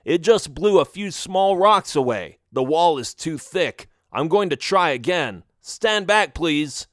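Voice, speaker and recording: A man's voice: a little high, expressive, unhurried, a bit bright, no room sound, studio quality. A man voicing an eager young miner friend. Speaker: audiobook reader. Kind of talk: audiobook character voice.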